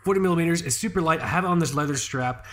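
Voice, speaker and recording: A man's voice: a little high, very fast, fairly bright tone, a little hiss or hum. A man co-hosting a podcast in casual chat, rambling and profane, full of fillers and restarts. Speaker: podcast co-host.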